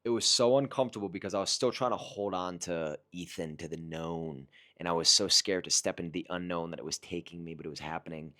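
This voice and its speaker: Man, low-pitched, earnest and reflective, casual first-person storytelling with halting restarts. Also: bright, forceful tone. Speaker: vlogger recounting a personal experience.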